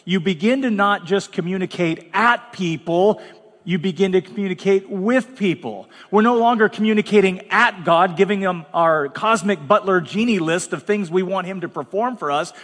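High-voiced pastor preaching blunt. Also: male voice, fairly bright tone, big-room sound. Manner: blunt, conversational preaching with dramatic asides. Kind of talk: sermon. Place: large church hall.

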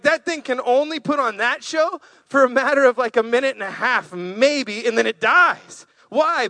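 Man, preacher, high voice, animated storytelling sermon, dry sound. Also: no room sound.

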